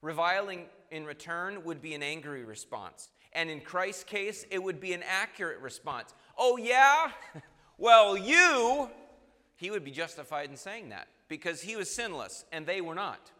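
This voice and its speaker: A man preaching a sermon in an earnest way, now and then acting out quoted voices with sudden loud jumps. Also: on the high side, lively intonation, moderate pace, hardly any pauses. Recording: long reverb in a large hall.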